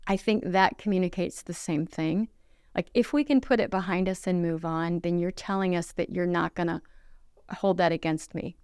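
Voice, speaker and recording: A woman's voice: fairly low pitch, normal speed, clean tone, no echo, clean studio sound. A middle-aged woman giving relationship advice in a casual conversation, earnest and instructive, often acting out quoted apologies. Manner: acts out quoted apologies in lively voices.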